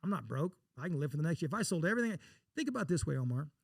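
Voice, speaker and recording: A man from Texas, an investor guest, tells blunt, folksy stories in a casual interview, acting out their dialogue. His slightly high voice is sing-song, creaky, and rapid-fire. The studio-quality audio has no room sound.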